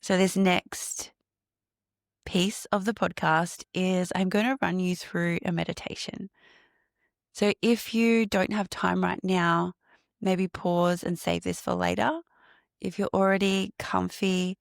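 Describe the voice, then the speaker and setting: A woman hosting her own podcast, reflecting on healing and breathwork, laughing often and slowing into a guided meditation. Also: lowish voice, steady tone, vocal fry, no room sound, studio quality. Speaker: podcast host and breathwork coach.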